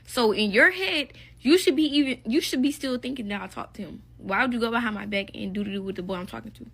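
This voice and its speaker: A woman's voice: on the high side, quick pace, fairly bright tone, slightly rough. A young woman telling a casual story-time in a blunt, profane, gossipy way.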